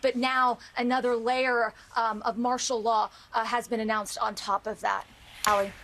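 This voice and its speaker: A woman reporting live as a foreign correspondent, measured, with frequent fillers. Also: fairly high pitch, flat delivery, fairly bright tone.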